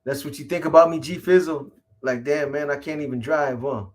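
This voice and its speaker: A man hosting a live stream in a casual, rambling way, his voice sitting a bit higher than most men's. He swears freely, uses street slang and keeps greeting viewers by name. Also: steady tone, fairly quick. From California.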